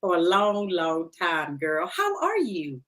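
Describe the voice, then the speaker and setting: A woman's voice: on the low side, wildly swooping pitch, takes it slowly, fairly bright tone, rough recording. A woman hosting a podcast, chatting playfully and laughing often into a headset mic. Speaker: podcast host. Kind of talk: casual chat. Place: studio under lights.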